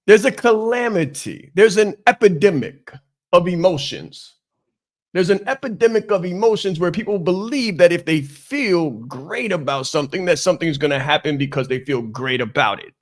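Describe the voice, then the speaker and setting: A man's voice: sits high, expressive, normal speed. A man hosting a business podcast as a coach, giving an emphatic motivational talk and repeating his key phrases.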